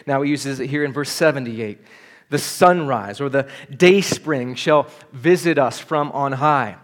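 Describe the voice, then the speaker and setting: A man's voice: medium pitch, unhurried. A man preaching a sermon at a church service, earnest and building to urgent appeals. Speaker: pastor.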